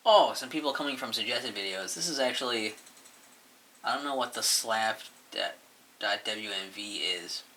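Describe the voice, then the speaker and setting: A man's voice: fairly low pitch, expressive, a little slow, bright, forceful tone, slight background noise. A man casually rambling through a look back at his own channel, mumbling and swearing offhandedly as he goes. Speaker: YouTuber reviewing his channel.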